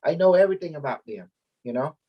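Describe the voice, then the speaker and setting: A man's voice: a little high, animated, fast, highs cut off. A man, talking casually and at length to his followers, rambling and repeating himself as he goes. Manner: rambling, repeats words, mixes languages. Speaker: group leader. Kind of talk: casual spiritual talk to followers.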